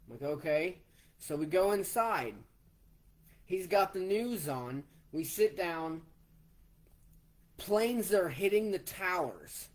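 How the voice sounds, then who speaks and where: A man in his forties, slowly telling a personal story in a plain way, step by step. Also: high voice, expressive. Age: 40s. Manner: slow, plainspoken, retelling step by step. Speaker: vlogger.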